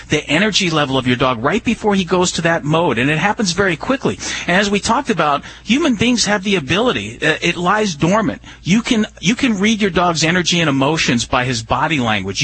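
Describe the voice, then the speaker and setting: A man on a radio talk show, explaining dog behavior and training in a calm, earnest way. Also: on the high side, slightly rough, low-quality recording. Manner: calm, earnest explaining with many "you know"s. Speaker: dog trainer answering listener questions.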